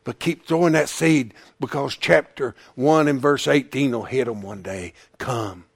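A man preaching a sermon as pastor, rising to shouted peaks and falling to hushed, near-whispered lines, with emphatic repetition. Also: mid-range voice, normal speed, creaky, no room sound.

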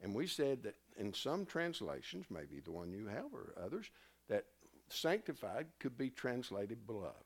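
This slightly rough, mid-range male voice moves at a moderate pace. Teaching a Bible class informally and with energy, he keeps interrupting himself to put questions to his listeners and begin his sentences again.

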